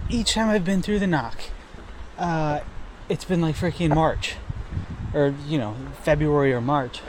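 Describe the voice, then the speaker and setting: A man's voice: on the high side, darkish tone, a little hiss or hum. A young man recording a casual trail diary outdoors by a river, rambling and self-deprecating, with lots of swearing and fillers. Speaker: thru-hiker vlogger. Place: outdoors by a river near a town.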